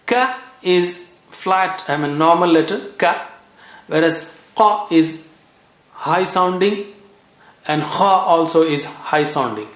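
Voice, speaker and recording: A man from Asia, teaching Quran reading in a patient way and repeating each sound slowly for practice. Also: on the high side, a bit bright. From South Asia. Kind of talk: recorded language lesson. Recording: echoey room.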